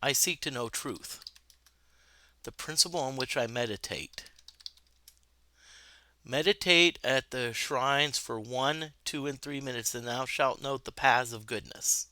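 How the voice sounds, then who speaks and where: A man doing a quiet, meditative truth seeker. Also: a little hiss or hum. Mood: earnest. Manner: quiet, low, measured. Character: earnest male truth seeker, calm and meditative.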